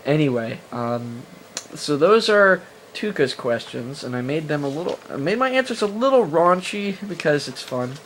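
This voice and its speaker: A man's voice: fairly high pitch, sing-song, moderate pace, fairly bright tone, a little hiss or hum. A young man answering viewer questions in a casual vlog, rambling with many fillers and restarts, joking in a crude, self-mocking way, recorded on a camera he holds himself. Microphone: handheld camera mic.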